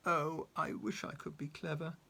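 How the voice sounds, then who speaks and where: A man voicing a gentle, simple-minded male storybook character with a chirpy, raised voice. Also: fairly high pitch, level tone, normal speed, creaky, breathy edge, pitched above the performer's own voice, exaggerated voice.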